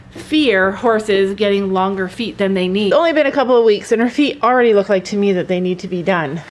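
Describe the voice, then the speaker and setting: A woman's voice: medium pitch, rough recording. A woman in her fifties, vlogging casually from a cold barn, talking candidly and emotionally and now and then breaking off to chat to her animals. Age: 50s. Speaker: farm vlogger.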